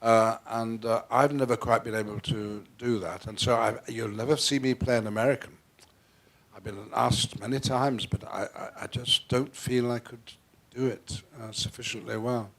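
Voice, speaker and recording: An older male guest actor from Northwest England, speaking polished RP with faint northern traces, is interviewed onstage before a theatre audience. His mid-range voice is gravelly and steady-toned at a moderate pace, while his manner stays theatrical and playful, given to restarts and sudden loud bursts.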